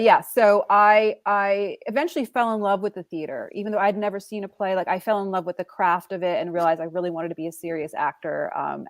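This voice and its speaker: A woman in her forties with a Brooklyn accent, a guest actress telling animated, self-deprecating stories in a casual interview and acting out the quotes. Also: fairly low pitch, no room sound. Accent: Brooklyn New York.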